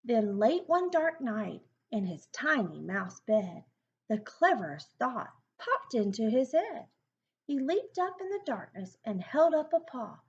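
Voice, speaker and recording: Woman reading a picture book aloud, lively sing-song pitch, unhurried, muffled lo-fi sound. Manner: slow, sing-song rhyming delivery with chatty asides. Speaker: storybook reader.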